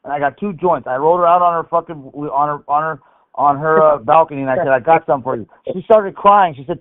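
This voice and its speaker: A man calling in to a live show, telling a profane story with animated energy. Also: fairly high pitch, fast. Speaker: caller. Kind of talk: storytelling on a phone call. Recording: phone line.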